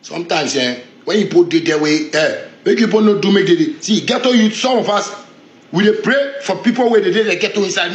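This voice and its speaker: A man speaking Ghanaian Pidgin English lets loose a confrontational rant, his voice sitting high and swinging wildly up and down. He sounds heated and defiant, circling back on the same phrases. The sound comes from an echoey room. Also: a bit bright. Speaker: street figure in a viral video.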